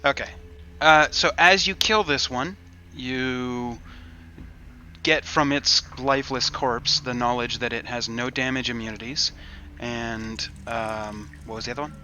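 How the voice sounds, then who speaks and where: A man narrating as game master of a tabletop game, easygoing and casual, with many pauses. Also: medium pitch, fairly even intonation, bright, forceful tone, a little hiss or hum. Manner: easygoing, casual, says "uh" often.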